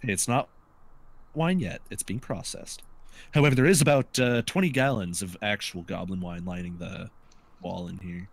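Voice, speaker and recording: A man with a fairly low voice runs a tabletop game as its game master. He narrates in a relaxed, wry way with plenty of filler words. Faint background noise sits under his voice. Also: normal speed, gravelly.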